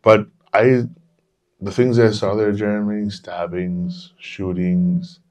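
Low-voiced man rambling through a story. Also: level tone, slow, a little mellow. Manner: rambling, swears freely, repeats himself. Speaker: podcast co-host. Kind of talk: casual storytelling to a friend. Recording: dull lo-fi podcast audio.

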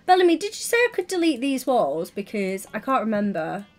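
A woman's voice: a little high, very animated, fairly quick. A young woman streaming, chatting casually and teasingly while building in a game. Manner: teasing, giggly, playful.

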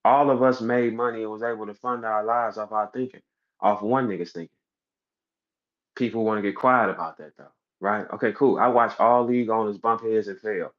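A man's voice: fairly even intonation, fairly quick. A man, running a battle rap league, rants boastfully and heatedly on a livestream, profane and brash. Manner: boastful, brash, profane and heated, voice jumping high when he acts out scenes. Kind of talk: unscripted livestream rant. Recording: slightly dull lo-fi audio.

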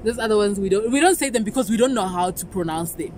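A woman's voice: mid-range voice, lively intonation, fast, darkish tone, slight background noise. A young woman from South Africa with a Lobedu South African accent, chatting playfully and laughing easily in a casual vlog. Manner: playful, laughing, switches between English and local language. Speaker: vlogger. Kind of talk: casual chat.

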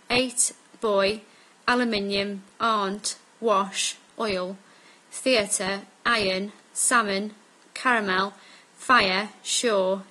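A vlogger in her twenties from Staffordshire, England, with a mixed northern English accent, works casually and unhurriedly through an accent tag word list with many ums. Her medium-pitched voice is bright and forceful, and the audio is poor.

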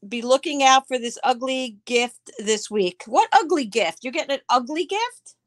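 A woman with a high voice and lively intonation sells items on a live stream auction at a moderate pace, with no echo. She chats casually, describes each piece as she handles it, and answers viewers by name.

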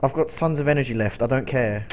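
A man's voice: mid-range voice, quick pace, slight background noise. A young man streaming a game, rambling and joking casually with a voice that sounds strained. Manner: rambling, joking, coughing between lines.

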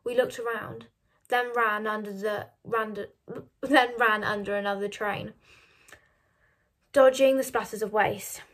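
A woman reading a novel aloud in a soft, measured storytelling manner. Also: mid-range voice, fairly even intonation. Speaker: reader.

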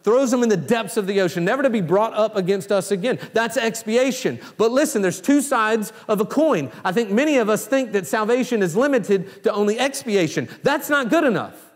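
Male pastor, pitch a touch high, dynamic delivery dropping hushed then rising to exclamation; long church-hall reverb. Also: lively intonation, brisk. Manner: dynamic preaching, swinging between hushed low lines and raised exclamations. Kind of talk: sermon. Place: church sanctuary.

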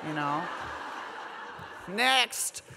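A woman in her forties tells her own story on stage in a wry, self-deprecating way, keeping things animated and funny. Her voice carries a long reverb from a large hotel ballroom. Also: lowish voice, very slow, gravelly, noisy background. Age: 40s. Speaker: speaker. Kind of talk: comedic speech at a gala.

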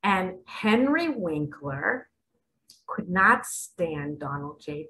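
A woman preaches slowly in a bright, lively voice. She asks rhetorical questions and swings between hushed asides and sudden loud exclamations. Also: fairly low pitch, poor audio. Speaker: self-styled spiritual guide. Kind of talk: preaching monologue to camera.

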